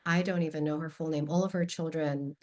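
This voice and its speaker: A woman in a podcast conversation, telling a personal story with lively expression and candor. Her voice sits somewhat low, and she talks casually, dropping the occasional curse word. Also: brisk. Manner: animated, expressive anecdote-telling with casual swearing; candid, openly emotional. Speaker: podcast guest.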